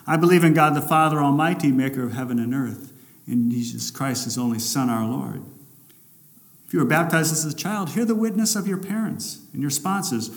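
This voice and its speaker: A male pastor preaching a sermon, swinging between loud, emphatic lines and hushed, drawn-out ones. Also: on the high side. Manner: dramatic shifts between loud and hushed delivery.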